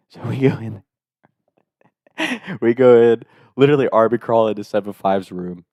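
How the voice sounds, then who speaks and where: A young man telling a comedic story casually, animated, laughing often and swearing. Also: on the low side, normal speed, no room sound, studio quality.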